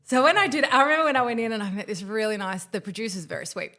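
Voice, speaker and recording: Woman podcast host; animated, dramatic storyteller, casual and a little profane. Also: on the high side, very fast. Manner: swears casually. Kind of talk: casual chat.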